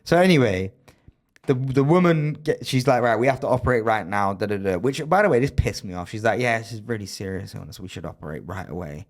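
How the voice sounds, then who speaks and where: A man's voice: fairly low pitch, animated, fast talker. A man casually telling a comic story on a podcast, swearing freely and acting out what others said. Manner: swears freely, acts out quoted voices.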